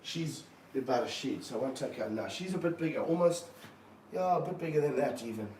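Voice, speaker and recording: A man keeping snakes, talking through a live stream as he handles one, with excited bursts and low muttered asides. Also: a little fast. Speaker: snake keeper. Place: room of snake enclosures, indoors. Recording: roomy, from a distance, faint background hum.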